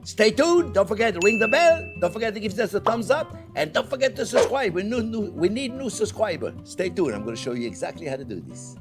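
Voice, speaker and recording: A man from Provence with a French accent, hosting a chatty, animated cooking demonstration in his kitchen and talking to viewers as friends. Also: high voice, brisk, hardly any pauses, music in the background. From Provence, France. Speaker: cooking show host. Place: home kitchen in Florida.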